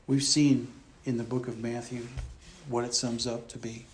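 A man delivering a teaching sermon from the pulpit, in a voice of ordinary middle pitch. He talks in an easy, conversational way, walking listeners through the text and circling back to restate each point. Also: little pitch movement, moderate pace, slight background noise. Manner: conversational, explains and repeats points. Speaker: pastor. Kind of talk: expository sermon.

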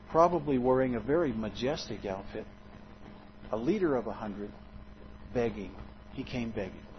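A man preaching a sermon in an expressive, dramatic way, often swinging his loudness and pitch. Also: highs cut off, slight background noise.

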